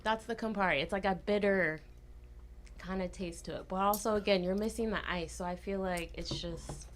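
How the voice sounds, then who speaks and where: A woman from the United States telling travel stories as a guest in a casual podcast chat, chatty and animated. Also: mid-range voice, moderate pace. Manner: chatty, animated storyteller with laughs.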